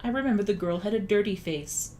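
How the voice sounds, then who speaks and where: A woman's voice: mid-range voice, a little fast, warm tone, a little hiss or hum, natural voice. A woman reading a drowsy, easygoing young boy. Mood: musing.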